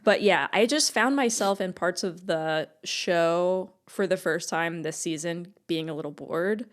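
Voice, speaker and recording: A woman co-hosting a casual podcast, her voice sitting a little low. She walks through the plot in an upbeat way and laughs often. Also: measured pace. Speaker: podcast co-host.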